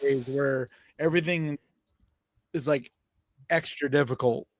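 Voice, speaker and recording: A man's voice: medium pitch, steady tone, unhurried, no room sound. A man co-hosting a podcast with blunt, grumbling remarks in casual chat. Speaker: podcast co-host.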